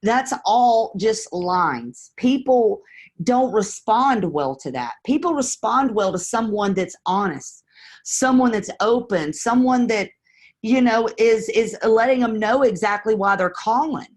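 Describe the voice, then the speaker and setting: A woman coaches real estate investors on a live stream, talking candidly and conversationally while acting out sample phone calls. Her voice is a little high, expressive, and a little slow.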